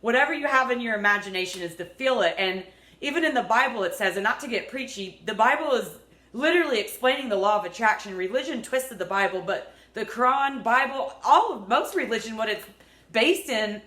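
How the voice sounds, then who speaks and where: A woman's voice: on the high side, animated, brisk, bright, forceful tone. A woman in her thirties talking casually to her vlog audience, rambling, upbeat and earnest. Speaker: vlogger. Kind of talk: unedited casual vlog talk. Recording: echoey room.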